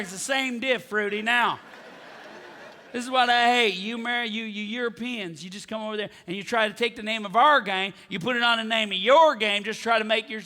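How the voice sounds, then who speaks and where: A man doing a loud, brash American sports fan. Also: sits high. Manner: shouting, belligerent ranting.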